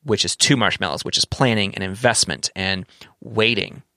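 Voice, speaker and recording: A man's voice: on the low side, moderate pace, sharp tone, no room sound, studio quality. A man co-hosting a podcast in casual chat, rambling and correcting himself, candid and swearing now and then. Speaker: podcast co-host.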